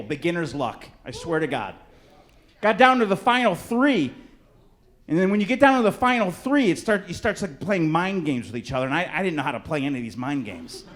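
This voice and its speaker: A man from Chicago performing a stand-up comedy set on a club stage, brash and punchy, working the crowd. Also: on the high side. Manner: crowd work, brash punchy delivery with swearing. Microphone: handheld stage mic.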